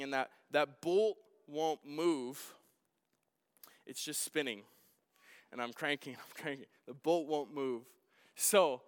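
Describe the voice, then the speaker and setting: High-voiced preacher man in a reverberant hall. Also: smooth. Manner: animated, self-deprecating, swings from quiet to loud. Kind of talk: sermon storytelling.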